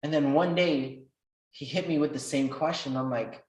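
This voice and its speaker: Animated man telling a story in an echoey room. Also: moderate pace. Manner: animated, acts out quoted dialogue with rising pitch and loudness. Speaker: workshop speaker. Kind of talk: personal storytelling talk. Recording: roomy echo.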